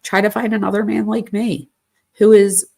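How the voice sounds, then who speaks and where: A woman's voice: mid-range voice, flat delivery, moderate pace, creaky, dark tone, voice pushed up. A woman reading aloud the text messages of a hurt young man who wants an apology, in a lightly raised voice.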